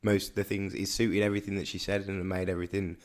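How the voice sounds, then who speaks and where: Low-voiced Brummie man chatting. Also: level tone, fast. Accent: Birmingham. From Birmingham, England. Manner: rambling, repeats words while thinking. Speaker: podcast co-host. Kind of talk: casual chat.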